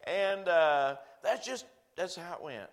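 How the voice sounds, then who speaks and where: A man's voice: on the high side, lively intonation, slow. A middle-aged man, a pastor, telling a long personal story in a sermon, folksy and self-deprecating, acting out the other voices he quotes.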